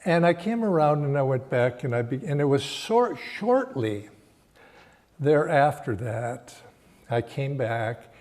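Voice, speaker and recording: An older man giving a Sunday sermon and telling a personal story in a reflective, halting way, often restarting his phrases. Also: mid-range voice, very animated. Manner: slow, reflective, halting phrasing with frequent restarts and soft laughs. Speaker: spiritual teacher giving a Sunday talk.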